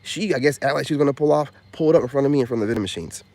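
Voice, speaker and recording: A man vlogging a casual story in a rambling, slangy way, dropping loud boasts and then hushed asides, full of filler phrases. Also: mid-range voice, racing, dry recording.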